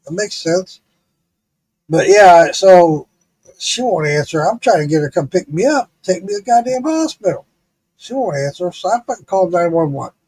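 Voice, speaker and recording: A middle-aged man streaming live, telling a story in a casual, profane way, laughing often. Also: fairly high pitch. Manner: profane, laughing, animated retelling.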